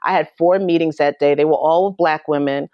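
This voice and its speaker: A woman's voice: low voice, steady tone, brisk, no room sound, muffled recording. A woman as an interview guest, recounting her experiences earnestly and with emotion, often restarting her sentences. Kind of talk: personal storytelling in a podcast interview.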